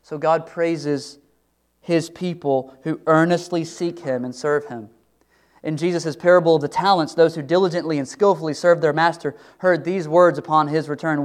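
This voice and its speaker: A man's voice: a little high, steady tone, moderate pace. A man preaching a sermon as pastor, earnest and conversational, with loose restarts.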